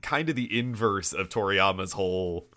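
A man with a fairly low voice and a bright, forceful edge talks in a loose, rambling way. He laughs often and swears freely while chatting casually as a podcast co-host. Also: lively intonation, moderate pace. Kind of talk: casual chat reviewing an anime episode.

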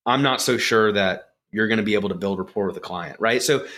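A man guesting on a podcast, talking through ideas in an easygoing conversation. His voice sits somewhat low for a man, and he turns quieter and more measured when he reflects, tagging points with a quick "right?". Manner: reflective, drops quieter when musing, frequent "right?" tags. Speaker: podcast guest, company co-founder.

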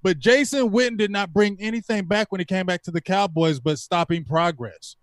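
Male co-host, high voice, emphatic ranter, dry close recording. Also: a little fast, no echo. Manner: emphatic, rants in repeated lines. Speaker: co-host of a sports fan livestream. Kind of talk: casual sports talk.

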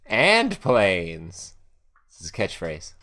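A man playing a tabletop role-play game, rambling through trivia in a halting, eager way. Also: low voice, wildly swooping pitch, pushed and bright. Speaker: player.

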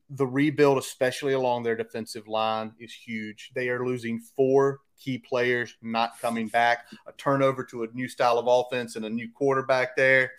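A man's voice: mid-range voice, fairly bright tone. An American man hosting a casual sports podcast, making brash, fired-up predictions. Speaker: podcast host.

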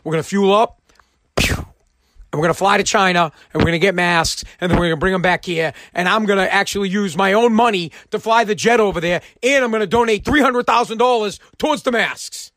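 A man's voice: sits high, a little fast, a bit bright, dry recording, clean studio sound. A man acting out a brash, decisive rich man in his own voice, blunt and take-charge.

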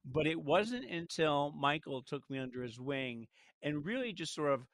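A man hosting a casual interview chat, animated and laughing often. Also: on the high side, moderate pace, no echo. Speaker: host.

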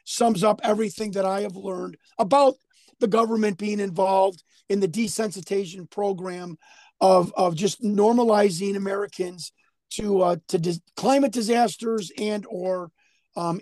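Excitable guest guy, really high voice, repeats himself a lot, super dry close sound. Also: moderate pace, no room sound. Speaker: podcast guest. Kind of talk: casual chat and storytelling.

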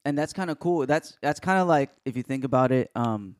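A man's voice: mid-range voice, animated, brisk, dry recording. A man co-hosting a casual podcast, laid-back and slangy, often searching for words. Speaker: podcast co-host. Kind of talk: casual chat.

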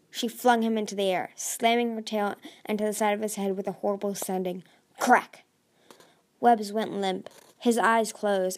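A woman's voice: mid-range voice, darkish tone. A woman reading a dragon fantasy novel aloud as an amateur narrator, with frequent slips and restarts.

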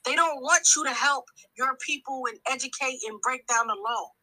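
High, bright-voiced impassioned woman caller. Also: moderate pace, rough recording. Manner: long-winded, emphatic, restarts often. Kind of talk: impassioned call-in commentary.

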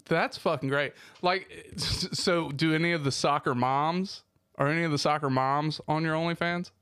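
A man hosting a podcast, joking and excitedly pushing the guest for stories. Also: on the high side, normal speed, clean tone. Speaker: podcast host. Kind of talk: casual chat.

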